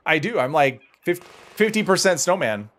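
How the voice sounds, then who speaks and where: This male streamer's voice runs slightly higher than typical and swings widely in pitch, with a somewhat bright tone at normal speed. Playing a game, he rambles loosely, replies to chat comments and jokes about himself.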